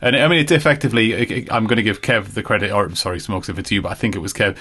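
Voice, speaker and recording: A man's voice: fairly low pitch, rapid-fire, pushed and bright, breathy edge. A man co-hosting a film podcast, thoughtful and full of repeated restarts. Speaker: podcast co-host. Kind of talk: casual film review chat.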